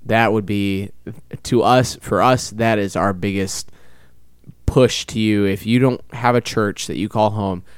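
A man co-hosting a casual podcast chat, speaking in a relaxed way with frequent filler words. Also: lowish voice, measured pace, clear, resonant tone, no echo. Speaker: podcast co-host.

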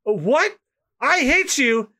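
A man voicing an excitable young male pirate hero with high, astonished yelps. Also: very slow, full character voice. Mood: surprised.

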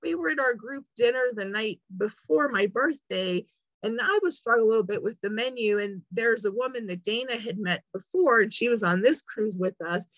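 A woman's voice: a little high, normal speed, no echo. Woman chatting away, telling a story and doing little voices for people, kinda muffled, dry sound. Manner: chatty storyteller, acts out quoted lines. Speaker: guest. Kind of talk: casual chat.

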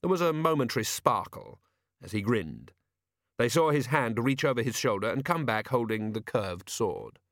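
A man's voice: mid-range voice, lively intonation, moderate pace, a bit bright, dry recording. Man with a dry, close narrating voice. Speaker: audiobook narrator. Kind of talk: scripted narration.

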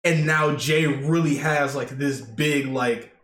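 A podcast co-host with a slightly high, fairly bright voice speaks slowly and steadily in a casual chat. He retells events in a rambling way, stuffed with "like" and "basically." The room is echoey, with faint noise.

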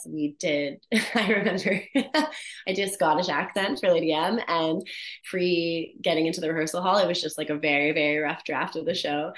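A woman actor chatting as an interview guest, animated and laughing often as she tells stories about her work. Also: low voice, reverberant. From Canada. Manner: animated storyteller, laughs often, many restarts. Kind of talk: casual interview chat.

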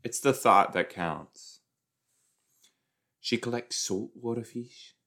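A man casually commenting while he watches a show, chatty and quick to exclaim or laugh. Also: mid-range voice, bright, forceful tone. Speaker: reaction video host.

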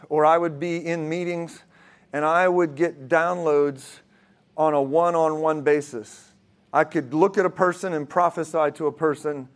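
Brief: male preacher, slightly high voice, earnest testimony, frequent restarts. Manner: earnest storytelling with many restarts. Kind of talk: sermon testimony.

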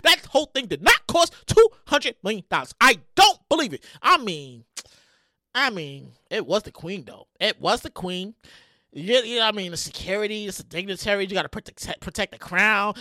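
A woman around forty hosting a podcast with animated solo commentary, loud and excitable, often yelling and swearing. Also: on the high side, dry recording, clean studio sound. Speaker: podcast host.

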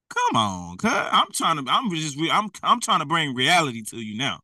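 Bright-voiced man preaching bluntly. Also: on the high side, wildly swooping pitch, a little fast, hardly any pauses, no echo, recorded from a distance, low-quality recording. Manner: blunt, slangy, exhorting, laughs at himself. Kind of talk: fiery street-style preaching.

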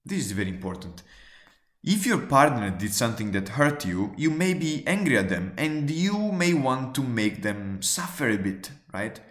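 A man speaking as a walks through advice tips in an earnest, emphatic way. He asks rhetorical questions and repeats his key points. His voice sits at a middle pitch and carries noticeable room echo. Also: sing-song, normal speed, fairly bright tone. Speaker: presenter giving workplace advice. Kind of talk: spoken advice talk, numbered tips.

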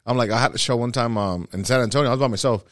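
A man, a stand-up comedian, chatting casually as a podcast guest and telling animated stories. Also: medium pitch, very fast, no echo, clean studio sound. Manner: animated storyteller, acts out other voices.

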